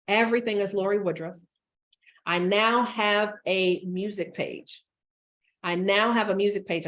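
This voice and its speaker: A woman business coach giving an energetic motivational talk, repeating phrases for emphasis. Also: lowish voice.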